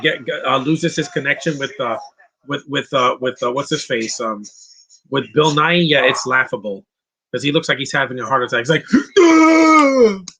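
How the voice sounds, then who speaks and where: A man's voice: mid-range voice, bright, forceful tone, breathy edge. A man hosting a casual live movie commentary, chatty and opinionated, reading out viewer questions and rambling with restarts. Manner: rambling with frequent restarts and laughs.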